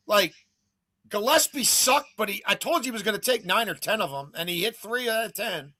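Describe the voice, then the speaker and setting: A high, bright-toned man hosts a betting talk show, rambling through casual chat. His talk is gloomy and a bit profane. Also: expressive, a little fast, no room sound.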